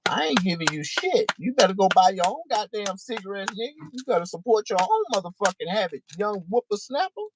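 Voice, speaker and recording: A man voicing a grumpy old male crack user who scolds in a high, cranky voice. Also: big pitch swings, fairly quick, few pauses, noisy background. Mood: scolding.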